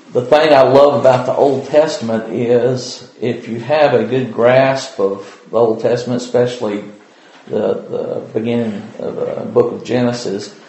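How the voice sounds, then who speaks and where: Gravelly-voiced man teaching the Bible. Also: medium pitch, warm tone, echoey room, poor audio. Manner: halting, many "uh" pauses, thinking aloud. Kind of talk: informal Bible study teaching.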